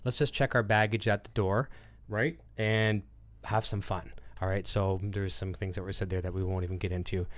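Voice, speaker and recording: A man's voice: lowish voice, steady tone, normal speed. A man hosting a casual livestream, rambling with lots of fillers as he reads chat comments and tells a story. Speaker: livestream host.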